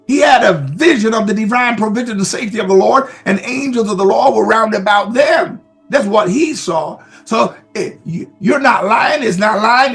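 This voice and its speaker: A male pastor preaching a sermon with emphatic, repetitive exhortations and sudden shouts. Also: sits high.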